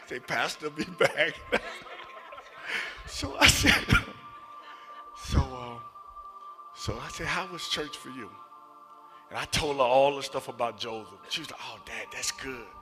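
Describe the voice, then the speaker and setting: A man preaching a sermon and telling personal stories, moving between loud emphatic passages and hushed near-whispers. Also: mid-range voice. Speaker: associate minister. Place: church sanctuary.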